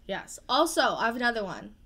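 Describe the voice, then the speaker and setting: A woman's voice: fairly high pitch, very animated, fairly quick, fairly bright tone. A woman co-hosting a casual chat show about tabletop games, bubbly and easily sidetracked. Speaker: podcast co-host.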